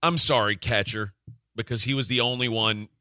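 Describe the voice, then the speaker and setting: A man hosting a sports radio show, telling a story in casual chat, animated and acting out the quotes with frequent laughs. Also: mid-range voice, normal speed, no echo, studio quality. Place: radio studio.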